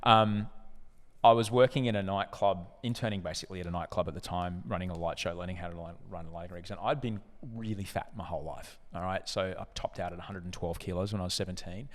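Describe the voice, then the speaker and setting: An Australian man in his forties, a broadcaster guest telling animated, profane stories in a casual interview. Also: low voice, quick pace. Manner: animated, profane, acts out other people in anecdotes. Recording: echoey room with long reverb.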